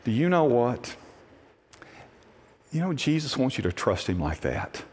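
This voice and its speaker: This sermon comes from a male pastor who spins homey stories like a folksy preacher, performing the voices in the quotes. He has a mid-range voice with big pitch swings and a measured pace. Behind the long church-hall reverb of the sanctuary there is a little hiss or hum.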